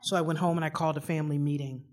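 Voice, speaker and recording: A woman's voice: low voice, steady tone, rapid-fire, noisy background. A woman tells a story from her own life with a self-mocking humor. She rambles, restarts her sentences and fills the gaps with plenty of little fillers. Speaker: storyteller giving a personal testimony.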